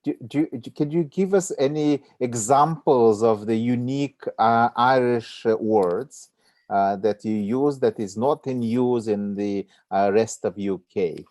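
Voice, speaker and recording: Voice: medium pitch, a little mellow. An interviewer gives brief "okay" and "right" replies, then stumbles a little through questions, repeating words as he searches for them. The sound is dry and close, with no room echo. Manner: brief acknowledgements, halting questions.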